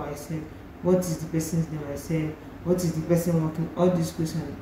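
A woman's voice: deep voice, normal speed, slight background noise. Nigerian woman retelling a story, echoey room. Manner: animated retelling with pidgin phrases. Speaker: vlogger. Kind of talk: storytelling vlog. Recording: very echoey room, faint ambience.

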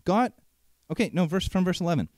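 A man preaching a sermon in an animated, conversational way, asking frequent rhetorical questions. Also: high voice, quick pace, dry recording.

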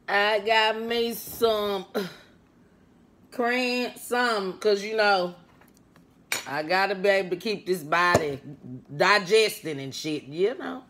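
A young woman chatting loudly and playfully to her viewers while eating a meal on mic. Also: mid-range voice, takes it slowly, pauses often, slight background noise. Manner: chatty, loud and playful, talks to viewers as friends; eats on mic between remarks, with mouth sounds. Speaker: food vlogger. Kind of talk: casual mukbang eating vlog.

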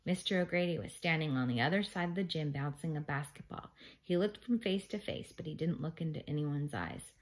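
Lady reading a kids book out loud, lowish voice, lively storytelling. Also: fairly quick, low-quality recording. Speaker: reader. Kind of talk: children's book read-aloud.

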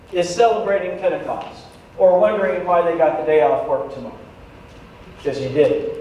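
A man, a pastor, preaching a sermon in a lively way, breaking off for jokes with the congregation. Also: high voice, distant mic. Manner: lively, joking asides to the congregation. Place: church sanctuary. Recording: echoey church hall, voice from afar, faint noise.

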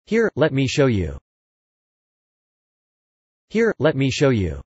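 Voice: medium pitch, wildly swooping pitch, slow pace, long pauses, darkish tone, husky, dry recording, dull audio. An English teacher reading short practice phrases, saying each one several times with careful pacing. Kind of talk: slow, repeated practice phrases.

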